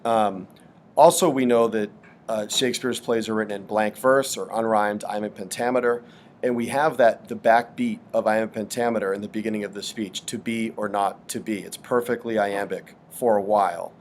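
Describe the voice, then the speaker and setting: Low-voiced man explaining literature. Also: fairly even intonation, moderate pace, slight background noise. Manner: thoughtful, hesitant with many ums. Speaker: literature teacher. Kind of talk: explanatory lesson.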